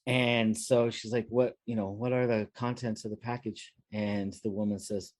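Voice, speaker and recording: A man's voice: lowish voice, level tone, moderate pace, hardly any pauses, darkish tone, no echo. A man co-hosting a podcast, telling a long work story in rambling casual chat with many fillers and restarts. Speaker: podcast co-host.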